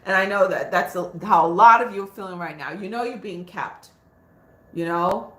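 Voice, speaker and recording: A woman's voice: medium pitch, moderate pace, a bit bright. A woman hosting a spiritual livestream, talking in a rambling, frank, casual way with lots of fillers. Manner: chatty, frank, laughs easily, many fillers. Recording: echoey room.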